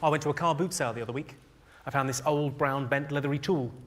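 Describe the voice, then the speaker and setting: Comedian bloke, dry and rude, roasting the crowd, loud audience noise behind. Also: male voice, fairly high pitch, fast. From England. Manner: dry, crude, teasing the audience. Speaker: stand-up comedian. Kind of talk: stand-up comedy with crowd work. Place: comedy venue on stage.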